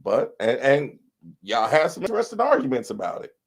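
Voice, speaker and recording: A man's voice: medium pitch, sing-song, fairly quick. A man co-hosting a podcast, trading profane comic stories and laughing often. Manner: profane, loud laughing, storytelling. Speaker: podcast co-host. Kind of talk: raunchy comedic banter.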